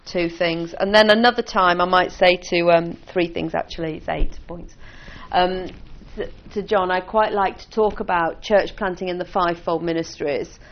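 A woman's voice: lowish voice, fairly even intonation, normal speed, lo-fi sound. Woman teaching a small group. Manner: conversational, with restarts and light laughs. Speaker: church leader teaching on church planting. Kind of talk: informal teaching talk to a group.

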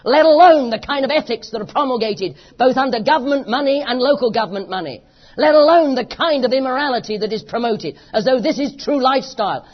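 Impassioned British preacher, lo-fi sermon. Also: sits high. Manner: impassioned, emphatic, repetitive rhetoric. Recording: dull lo-fi recording.

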